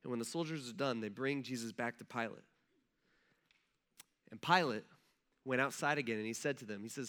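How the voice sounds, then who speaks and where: A man's voice: medium pitch, brisk, long pauses, a bit bright. A male pastor giving a sermon as casual, conversational storytelling with slang, acting out the voices of the people in the story.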